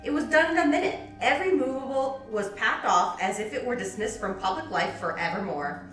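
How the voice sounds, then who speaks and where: A woman reading a classic novel aloud with lively delivery and playful side comments. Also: a little high, fairly quick. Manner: lively, laughs often, acts out quoted lines. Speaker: library podcast reader. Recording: roomy sound from a distant mic with music.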